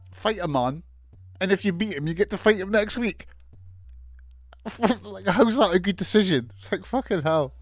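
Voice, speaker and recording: A man's voice: high voice, a little mellow, no echo, studio quality. A man giving a casual, sweary, sarcastic recap of a wrestling show, laughing often.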